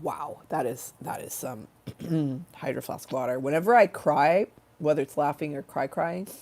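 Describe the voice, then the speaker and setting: A woman from the United States hosting a casual livestream, hoarse after a flu, rambling and joking, swearing freely and drifting into tangents. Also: deep voice, moderate pace, darkish tone, slight background noise. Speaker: livestream host.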